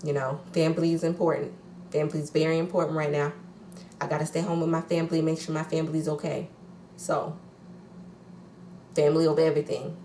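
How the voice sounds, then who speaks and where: A woman putting on a self-serious TV housewife's voice with a made-up accent, talking fast and mock-earnest. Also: low voice, level tone, warm tone, reverberant, slight background noise, natural voice.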